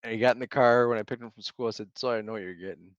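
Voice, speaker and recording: A man co-hosting a casual podcast about parenting, telling animated stories and acting out his kids' lines. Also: mid-range voice, rapid-fire, no room sound, highs cut off. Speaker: podcast co-host. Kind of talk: casual chat.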